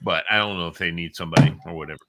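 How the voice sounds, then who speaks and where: A middle-aged man co-hosting a casual talk show, telling stories with lively acted-out grunts. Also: low-pitched, rapid-fire, noisy background. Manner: animated storyteller, acts out grunts. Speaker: co-host. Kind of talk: casual chat.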